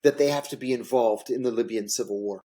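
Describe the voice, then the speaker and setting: Guy telling stories in an interview, mid-pitch voice, hammers his points by repeating them. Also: quick pace, dark tone. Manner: emphatic, repeats phrases for effect, acts out quotes. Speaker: interview guest, former intelligence officer. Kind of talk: candid conversational storytelling.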